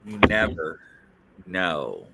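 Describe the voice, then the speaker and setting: A man's voice: deep voice, big pitch swings, extremely slow, vocal fry, heavy background noise. A man hosting a podcast, joking, teasing and laughing as he reads viewer comments aloud. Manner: playful, teasing, laughs often, swoops up and down. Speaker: host.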